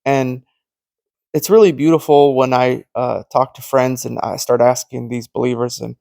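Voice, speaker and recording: A Christian teacher delivers an informal, earnest preaching monologue, telling stories and acting out the conversations he quotes. His medium-pitched voice is gravelly and warm, with a steady tone and moderate pace. There is no room sound.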